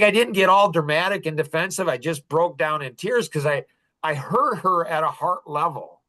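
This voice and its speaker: In a bright, forceful, slightly high voice, a middle-aged man hosting a podcast shares a personal story at a moderate pace. He's animated yet earnest and confessional in this casual storytelling, with small laughs between phrases.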